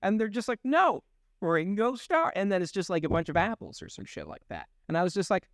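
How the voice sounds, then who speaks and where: A young man chats casually as a podcast co-host, his fairly high voice swinging widely in pitch as he jokes and laughs. The sound is dry and close to the mic. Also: huge pitch swings, fast, dry recording. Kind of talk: casual chat.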